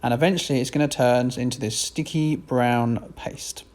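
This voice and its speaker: A man's voice: mid-range voice, fairly even intonation, normal speed, darkish tone. A British man giving a casual, self-deprecating voiceover for a home cooking video. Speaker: cooking vlogger.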